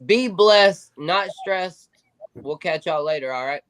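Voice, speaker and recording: A man's voice: high voice, animated, takes it slowly, fairly bright tone, clean tone, rough recording. A man co-hosting a sports podcast, upbeat and full of hype. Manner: upbeat, hype, sign-off energy. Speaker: podcast co-host. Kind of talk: casual sports podcast chat.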